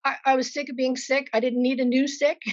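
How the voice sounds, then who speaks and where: A woman with a somewhat high voice recounts her experience as a patient in a candid interview, frank and vivid, with wry self-deprecating asides. The sound is dry and a little dull, like a lo-fi recording. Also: level tone, fairly quick, no room sound. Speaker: patient sharing her story.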